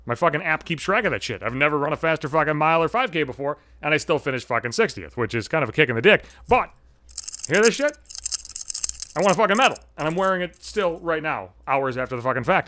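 A man's voice: mid-range voice, bright, forceful tone, no echo. A man in his thirties hosting a solo podcast, telling a story in a brash, profane, sardonic rant. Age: 30s. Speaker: podcast host.

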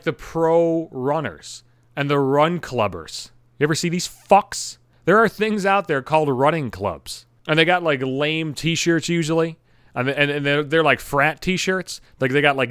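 A man's voice: fairly high pitch, fairly bright tone, clean tone, no room sound, studio quality. A man hosting his own podcast, ranting at home with constant swearing and exasperation. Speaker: podcast host. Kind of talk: profane comedic rant.

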